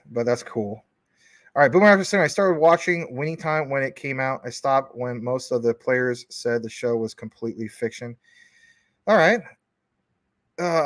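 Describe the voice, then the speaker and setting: A man's voice: medium pitch, a bit bright, dry recording, clean studio sound. A man hosting a live stream from his couch at home, chatting casually with viewers in a rambling, jokey way and teasing commenters. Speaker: livestream host.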